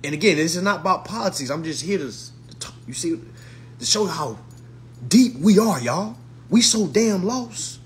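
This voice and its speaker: At a moderate pace and in a high, animated voice, a social media commentator rants to his followers. The monologue is profane and mocking, full of blunt slang and repeated retorts.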